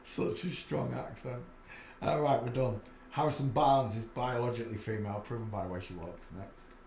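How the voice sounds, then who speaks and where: Yorkshire man, casual muttered commentary, medium pitch, roomy echo. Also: steady tone, normal speed, darkish tone, slight background noise. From England. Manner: muttered running commentary, thinking aloud. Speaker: channel host. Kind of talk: casual commentary while browsing images.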